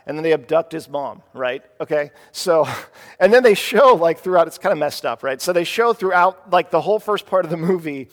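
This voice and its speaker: A man in his thirties preaching a sermon, telling a family story in a halting, conversational way with many restarts. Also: on the high side. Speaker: pastor. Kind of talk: sermon with personal stories. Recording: long hall reverb.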